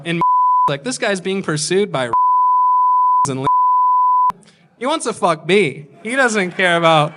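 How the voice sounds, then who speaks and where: A man in his twenties telling a crude story on stage as a stand-up comedian, deadpan with sudden shouted punchlines. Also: high-pitched. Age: 20s.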